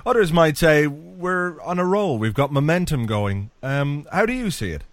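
Chatty football podcast host. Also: male voice, on the high side, expressive, moderate pace, no echo. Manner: chatty, upbeat, with frequent fillers.

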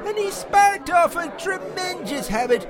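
Man doing a booming Irish pub storyteller. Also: sing-song, a little slow, crowd noise, full character voice. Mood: boisterous. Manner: hammy mock-medieval booming declamation. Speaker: pub storyteller segment regular. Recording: noisy crowded pub background.

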